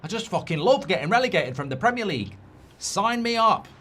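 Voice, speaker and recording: A man's voice: high-pitched, sing-song, fairly quick, sharp tone, pitched above the performer's own voice, exaggerated voice. A man putting on a sarcastic, mock-gleeful voice for a male footballer who loves getting relegated.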